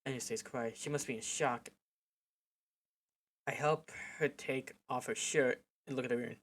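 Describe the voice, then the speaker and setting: A man reading a visual novel aloud for his gaming channel, breaking off now and then to react with loud swearing. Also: mid-range voice, steady tone, measured pace. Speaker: gaming video creator.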